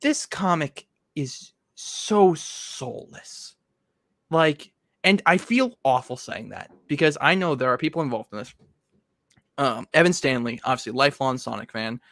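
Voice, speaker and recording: A man's voice: medium pitch, animated, a little slow, a bit bright, dry recording. A man hosting a casual comic review chat, rambling with many fillers and laughing often. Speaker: podcast host.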